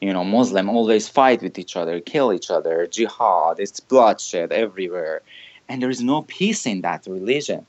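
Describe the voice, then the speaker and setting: A man's voice: deep voice, lively intonation, a little fast, lo-fi sound. Earnest man with an Iranian accent. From Iran. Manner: earnest, simple non-native phrasing, chuckles now and then. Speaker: pastor, guest. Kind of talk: personal testimony in conversation.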